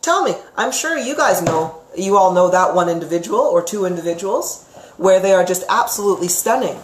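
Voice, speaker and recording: A woman teaching about psychic topics on a live stream, chatty and expressive, reading out viewer comments and often asking "right?". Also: fairly low pitch, a little fast, slight background noise. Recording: roomy echo.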